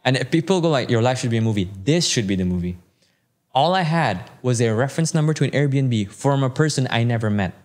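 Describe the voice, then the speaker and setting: A man in his thirties, a podcast guest telling a long personal story in casual chat, animated and putting on the voices of people he quotes. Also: medium pitch, a little fast.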